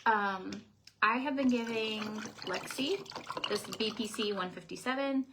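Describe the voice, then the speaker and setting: Chatty woman with a gravelly voice. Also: fairly high pitch, measured pace, background noise. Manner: chatty, laughing often. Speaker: vlogger. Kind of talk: casual chat.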